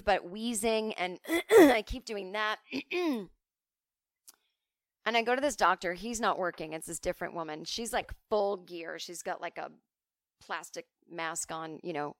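A woman's voice: medium pitch, expressive, a little slow, no room sound, studio quality. A woman hosting a podcast who tells comic stories in a chatty, self-mocking way and swears freely. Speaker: podcast host. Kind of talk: casual comic storytelling.

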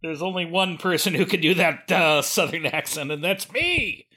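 Man, slightly high voice, film chat, wry joking asides. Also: lively intonation, moderate pace, sharp tone. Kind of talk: casual film discussion.

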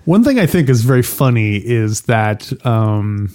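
A man's voice: mid-range voice, big pitch swings, a little slow, darkish tone. A man co-hosting a podcast in casual chat, talking easily, laughing often and trailing off with ums. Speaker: podcast co-host.

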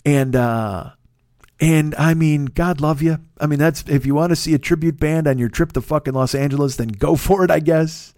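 A podcast host delivers a casual storytelling monologue, ranting with heavy profanity and plenty of exasperation. His voice is on the high side with a darkish tone and a moderate pace. The studio sound is clean, with no room sound.

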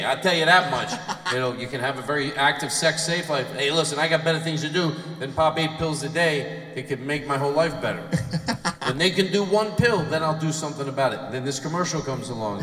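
A man hosting a casual comedy chat, telling stories and acting out other people's lines with plenty of swearing. His voice is bright and fairly high, and he sits a little back from the mic. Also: fast, recorded from a distance. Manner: animated storyteller who acts out quotes, swears often. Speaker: podcast host and comedian.

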